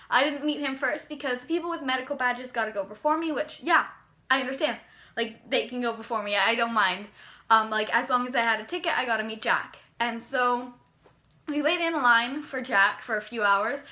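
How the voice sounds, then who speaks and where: A young woman vlogger from Canada excitedly telling a story in casual chat, rambling with lots of "like"s. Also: fairly high pitch, brisk.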